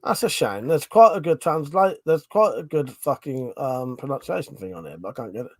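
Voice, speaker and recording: A man's voice: mid-range voice, expressive, brisk, no echo. A man hosting a casual live-stream chat, a bit drunk, swearing freely and laughing often. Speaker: livestream host.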